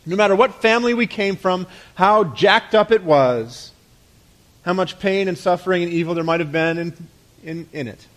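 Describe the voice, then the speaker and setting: A pastor preaching a conversational sermon, asking rhetorical questions and letting his voice drop softly at the ends of phrases. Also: high voice, normal speed.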